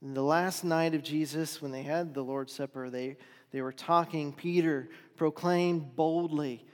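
A male preacher retells a story in sermon form, swinging from loud emphasis to hushed, quiet lines. His voice sits a bit high for a man. The sound carries a long reverb from a large hall. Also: fairly even intonation, unhurried.

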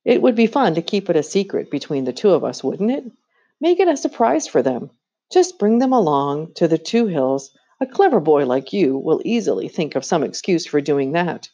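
A woman's voice: deep voice, big pitch swings, normal speed, warm tone, husky, lo-fi sound, full character voice. A woman voicing a cold, scheming queen who coaxes a boy with sweet, commanding persuasion, in a storybook reading. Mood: sly.

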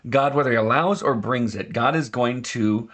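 Man, pastor, podcast sermon, conversational, earnest, emphatic rises, mid pitch. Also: moderate pace, a bit bright.

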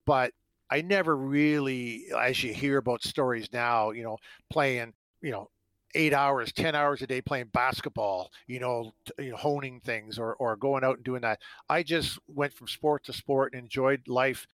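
Middle-aged man from Canada, ex-athlete guest, rambling storyteller; bright, tense tone, dry close sound. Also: medium pitch, steady tone, moderate pace, dry recording, rough recording. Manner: rambling anecdotes full of fillers, acting out quotes. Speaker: guest, former hockey player. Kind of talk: storytelling in an interview.

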